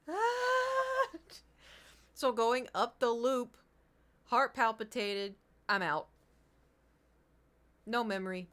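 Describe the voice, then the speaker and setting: Animated young woman telling a story. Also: mid-range voice. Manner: animated, acts out quotes of friends, rambling with restarts. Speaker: streamer. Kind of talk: casual storytelling to chat.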